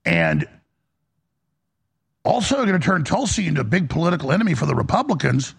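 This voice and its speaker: Gravelly, ranting male political commentator. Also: fairly high pitch, huge pitch swings, brisk. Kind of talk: heated political monologue.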